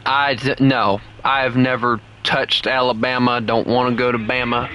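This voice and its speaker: Streaming a game, this Southern-accented man keeps up casual live chat full of blunt opinions and heated, rambling rants. He speaks at normal speed in a medium-pitched, bright and forceful voice with little pitch movement, though the recording is muffled.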